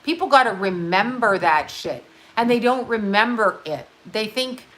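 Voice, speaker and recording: A woman's voice: fairly high pitch, expressive, normal speed, a bit bright. A woman in her fifties hosting a casual livestream, chatting bluntly and with plenty of profanity while she does her nails. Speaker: livestream host. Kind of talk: casual rambling livestream chat.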